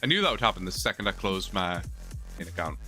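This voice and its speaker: A man's voice: low-pitched, sing-song, fast talker, bright, forceful tone, soft background music. A British man from England, chatting casually and joking with viewers during a live gaming stream. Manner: chatty, joking, many restarts.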